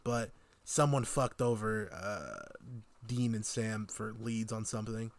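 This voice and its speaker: Animated man reading out his notes. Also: fairly low pitch, a little slow. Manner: animated, reads out his notes in quotes, laughs often. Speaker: podcast co-host. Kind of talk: casual chat reviewing a TV season.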